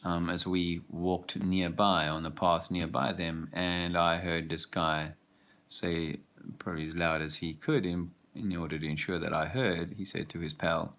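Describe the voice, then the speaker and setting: Deep creaky-voiced man musing. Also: fairly even intonation, a little slow, fairly bright tone. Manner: rambling, hesitant, full of fillers. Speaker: father, vlogger. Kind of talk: reflective walking vlog. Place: outdoors, walking a park path.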